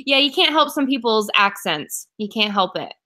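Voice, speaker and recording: A chatty woman from Oklahoma talks books on a live stream and answers viewers as she goes. Her voice is bright and a little high. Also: big pitch swings, unhurried. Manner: chatty, reacts to viewer comments. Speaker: book club co-host. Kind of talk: casual live-stream chat.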